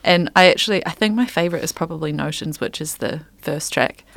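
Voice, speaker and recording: A woman's voice: sits low, a little fast, vocal fry, a bit bright, no room sound. A woman musician as a radio interview guest, talking casually and trailing off with lots of yeahs.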